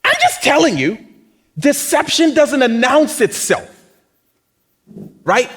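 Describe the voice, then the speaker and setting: A man's voice: very high-pitched, sing-song, slow pace, fairly bright tone. A man preaching a sermon as pastor, talking conversationally and acting out other people's voices. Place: church.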